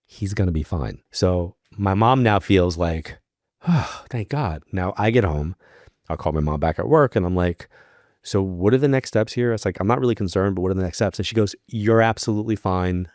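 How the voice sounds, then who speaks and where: A podcast guest who works as a psychic medium tells a story casually, talking a little fast in a low, deep voice. Raised in New York, he has a relaxed, chatty manner and acts out what the people he quotes said. The audio is close and dry with no room echo.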